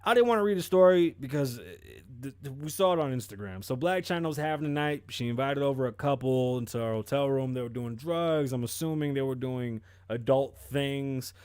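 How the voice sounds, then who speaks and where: Male podcast host, casual commentary, profane, animated storytelling, middle pitch, dry close sound. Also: a little fast, hardly any pauses, clear, resonant tone, no room sound.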